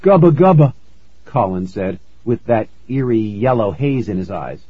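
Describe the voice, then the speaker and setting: A man narrating a first-person story in a measured storytelling manner, on a dull, lo-fi recording. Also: fairly low pitch, expressive, husky, dry recording. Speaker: audiobook narrator.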